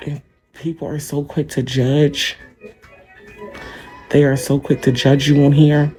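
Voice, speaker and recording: A man's voice: fairly high pitch, little pitch movement, measured pace, pauses often, a little mellow, soft background music. A man livestreaming from a hospital room on a phone mic, talking straight to his commenters in a defensive, repetitive rant.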